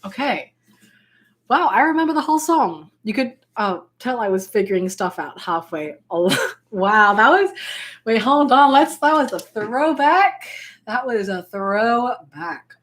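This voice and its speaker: A woman gives a casual ukulele lesson, rambling and often restarting as she explains chords, with plenty of fillers. Her voice is on the high side and fairly bright, with lively intonation and a slightly slow pace. She plays the ukulele alongside her talking.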